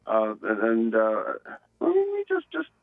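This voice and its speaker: Male caller, non-native English, halting, phone-line sound. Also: mid-range voice, wildly swooping pitch. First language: not English. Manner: halting, many restarts. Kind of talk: casual chat on a phone call.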